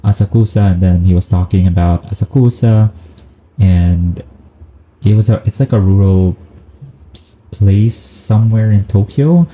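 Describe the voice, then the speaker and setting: A man's voice: on the low side, unhurried, dark tone, low-quality recording. A young man, casually telling a story to camera in a chatty, rambling way. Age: young adult. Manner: chatty, self-aware rambling, acting out quoted dialogue. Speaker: vlogger.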